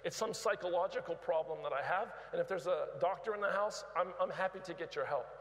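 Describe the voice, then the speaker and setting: A man's voice: high voice, fast talker, a bit bright. A man preaching a sermon as a guest speaker in a large church, emphatic and prodding the congregation, often repeating words as he goes. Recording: reverberant big church hall.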